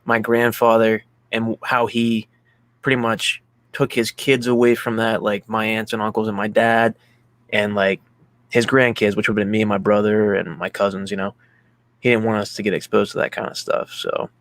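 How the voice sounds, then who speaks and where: A man's voice: lowish voice, flat delivery, normal speed, a bit bright, no room sound. Rambling man in casual movie chat. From Pennsylvania, USA. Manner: rambling, filler-heavy, heartfelt storytelling. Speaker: podcast co-host.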